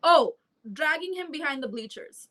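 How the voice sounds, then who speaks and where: A woman's voice: high-pitched, animated, normal speed, background noise. A woman playing a tabletop game, making bossy, teasing threats in character. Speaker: player.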